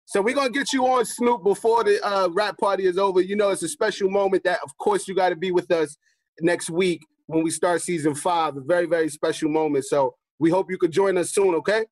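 Man, host, high voice, dry close sound, video call, excited rambling chat. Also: fairly quick, no room sound.

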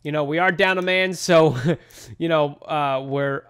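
A man's voice: fairly high pitch, a little slow, fairly bright tone, smooth. A tired man co-hosting a casual podcast chat, who talks in bursts full of restarts and repeated words. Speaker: podcast co-host.

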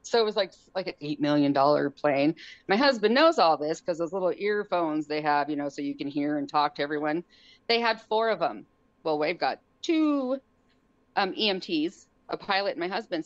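A woman telling a story on a podcast in a casual way, acting out the quotes in a high, excited voice. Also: moderate pace, no room sound, muffled recording. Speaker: guest.

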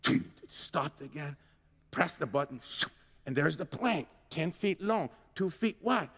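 A man telling a comic story live to an audience, animated and bursting into shouts. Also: fairly high pitch, a little slow, husky, in a large hall. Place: festival tent with a live audience.

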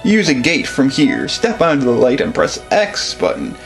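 A man's voice: mid-range voice, huge pitch swings, moderate pace, creaky, soft background music, poor audio. A man voicing a helpful old male guardian at the end of time, explaining patiently.

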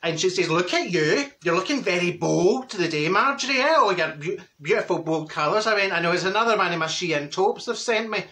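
A brash, gossiping older Glasgow woman, played by a man, chatters in a broad Glaswegian accent. Her voice sits high and sounds bright and cutting. She cackles and mimics her neighbours in a comic character monologue. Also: animated, a little fast, hardly any pauses, full character voice. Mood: gossipy. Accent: Glaswegian Scottish.

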